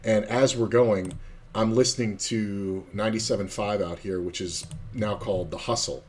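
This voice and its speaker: A man's voice: fairly low pitch, steady tone, moderate pace, husky. A man from South Florida, streaming poker and telling a long, profane, rambling story full of fillers. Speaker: streamer playing online poker. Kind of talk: casual storytelling chat while playing.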